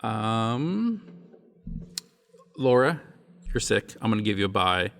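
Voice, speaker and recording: A man's voice: on the low side, big pitch swings, takes it slowly, a bit bright. A man hosting a book podcast, chatting casually and laughing often. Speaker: podcast host.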